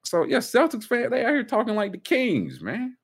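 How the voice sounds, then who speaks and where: A man hosting a casual sports talk show, ranting emphatically with sudden jumps up in pitch. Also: huge pitch swings, moderate pace, husky. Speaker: sports podcast host.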